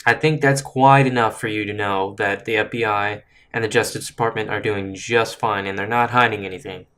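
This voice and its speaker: A man's voice: fairly low pitch, fairly even intonation, sharp tone. A man giving casual political commentary for a video, sounding frustrated and stumbling now and then as he reads a letter aloud. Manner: frustrated, halting, with restarts while reading.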